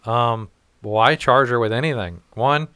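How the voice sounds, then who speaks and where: A man's voice: mid-range voice, measured pace, bright, forceful tone, clear, resonant tone, no echo. A man from the St. Louis area talking bluntly in a casual podcast chat, swearing and laughing often. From St. Louis area, United States.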